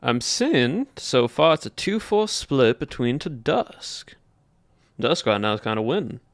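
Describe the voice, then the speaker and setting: A man's voice: mid-range voice, sing-song, a little slow. Male streamer with a Southern drawl, chatty and musing aloud, clean close sound with no room echo. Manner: chatty, thinking aloud while polling chat. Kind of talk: casual livestream chat with viewers.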